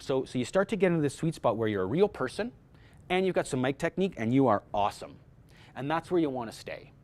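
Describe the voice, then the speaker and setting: A man speaking informally to a workshop audience about voice-over casting, animated, with frequent restarts and repeated words. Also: mid-range voice.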